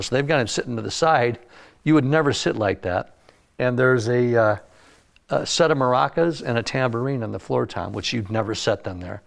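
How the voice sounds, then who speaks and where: Telling stories in a casual studio interview, this older music producer has a gravelly, medium-pitched voice. He's animated, bringing the quotes in his anecdotes to life.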